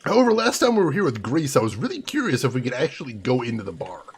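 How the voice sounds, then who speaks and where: A man's voice: medium pitch, big pitch swings, fast talker, slightly rough. A young man doing playful, chatty commentary on a live game stream, greeting viewers by name. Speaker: livestreamer. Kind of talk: casual game livestream commentary.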